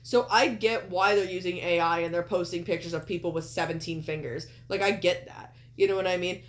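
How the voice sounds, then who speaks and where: A woman's voice: lowish voice, steady tone, brisk. A woman co-hosting a casual wrestling podcast. She talks bluntly, swears often and fills gaps with "like". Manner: blunt, swears a lot, fillers like "like". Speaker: podcast co-host.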